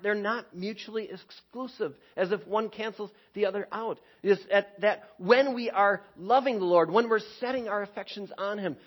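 A man preaching a sermon, telling a personal story with lively energy and repeating words as he starts phrases. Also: high-pitched, highs cut off.

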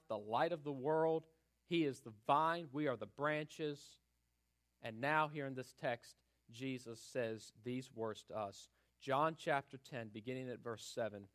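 Earnest man preaching a sermon. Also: mid-range voice. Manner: earnest, emphatic, with pauses. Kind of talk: sermon with prayer and scripture reading.

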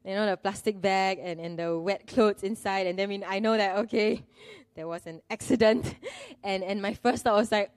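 A woman's voice: mid-range voice, steady tone, moderate pace, clean tone, no room sound. A middle-aged woman, preaching a sermon in an earnest, conversational way with self-deprecating humor.

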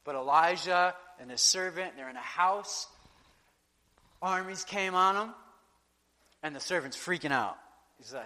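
A man preaching a sermon in a conversational, animated way, acting out quotes and asides. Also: a little high, normal speed. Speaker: pastor. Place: church sanctuary. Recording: long reverb of a large hall.

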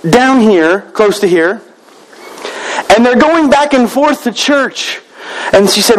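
A man's voice: sits high, low-quality recording. A man preaching a conversational sermon as a pastor, joking with the congregation and acting out little quoted exchanges.

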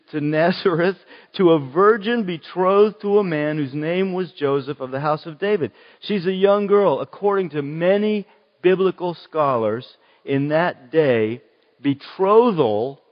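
A man with a Western Pennsylvanian accent preaching a sermon as a pastor, conversational and slowing on key words. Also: a little high. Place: church. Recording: dull, long church reverb.

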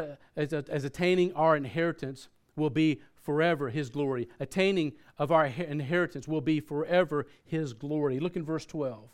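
A man preaching a sermon in a conversational way, often restarting his sentences and using fillers. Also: fairly high pitch. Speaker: pastor.

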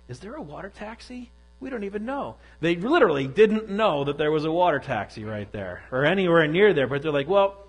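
A man's voice: on the high side, poor audio. A middle-aged man giving a sermon, telling a personal story in a candid, self-deprecating way. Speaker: pastor.

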